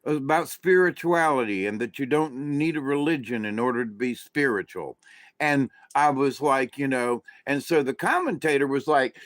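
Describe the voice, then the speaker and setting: A man's voice: mid-range voice, animated, moderate pace, no room sound. A man hosting his own spiritual channel, telling a story in a loose, rambling way with restarts and asides to his viewers. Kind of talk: casual storytelling monologue.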